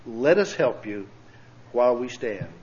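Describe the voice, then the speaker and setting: A man's voice: medium pitch, very animated, measured pace, darkish tone, lo-fi sound. A man preaching a sermon in a church, telling a story and making earnest, pleading appeals. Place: church sanctuary.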